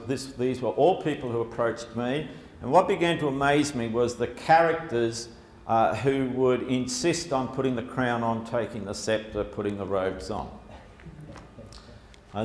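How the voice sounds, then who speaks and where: Man, storytelling talk, chatty and joking, echoey hall, faint hiss. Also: medium pitch. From Australia. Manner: chatty, humorous, many fillers. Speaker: speaker. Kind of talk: storytelling public talk with slides. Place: lecture hall before an audience.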